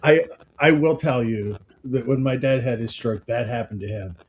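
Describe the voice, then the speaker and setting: A middle-aged man co-hosting a podcast, chatting casually and telling family stories with quick impressions of the people in them. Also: mid-range voice, slight background noise, low-quality recording. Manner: storytelling, mimics his father's outbursts. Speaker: podcast co-host. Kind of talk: casual chat.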